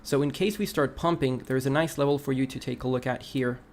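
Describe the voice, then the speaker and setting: A man's voice: mid-range voice, fairly quick, a little hiss or hum. A man hosting a casual crypto livestream, walking through price charts and reading viewer comments aloud. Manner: relaxed, talks through charts, reads chat aloud.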